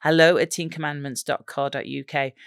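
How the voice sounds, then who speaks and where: A lower-pitched English woman hosts a casual podcast, reading out listener letters and breaking into giggles. Her voice is close and dry, with no room sound. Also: brisk, creaky, clean tone, no echo. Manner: giggly, lively storytelling. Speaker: podcast co-host.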